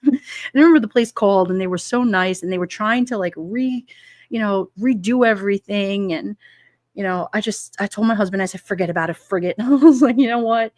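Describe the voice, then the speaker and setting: A woman's voice: mid-range voice, brisk, darkish tone, no room sound. Chatty woman livestreamer, dry sound. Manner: chatty, rambling, laughs often. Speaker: livestream host reading chat. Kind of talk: casual chat.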